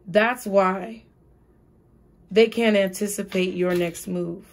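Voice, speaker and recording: Woman doing a tarot reading, real slow and unhurried, repeats herself a lot, mid pitch. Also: fairly even intonation. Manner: slow, repetitive, spiritual phrasing. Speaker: tarot reader.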